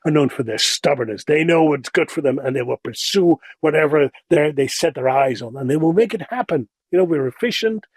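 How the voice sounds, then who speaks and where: A middle-aged man gives his views as an interview guest. His voice sits a little high for a man. He is opinionated and animated, and the recording is dry and close. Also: brisk, hardly any pauses, dry recording. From Netherlands. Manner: opinionated, animated, mimics others for emphasis. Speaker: guest, voice actor. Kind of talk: casual interview talk.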